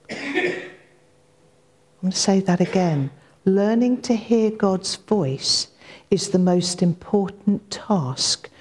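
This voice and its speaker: A woman's voice: fairly low pitch, darkish tone. A woman preaching a sermon in an earnest, reflective way, repeating key lines for emphasis.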